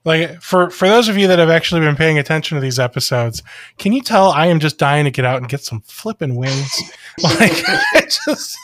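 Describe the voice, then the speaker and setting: Man, podcast host, from ohio, lively pitch, joking and laughing, dry close sound. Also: fairly quick, no room sound. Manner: jokey, animated, laughs often. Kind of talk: casual chat.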